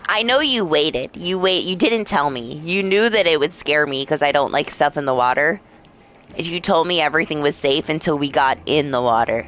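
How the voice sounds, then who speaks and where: Woman streamer, lower voice with a swooping, expressive delivery; casual, profane storyteller. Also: moderate pace, a little hiss or hum, low-quality recording. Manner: rambling storytelling with swearing and laughs. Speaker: live streamer. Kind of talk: casual live-stream chat.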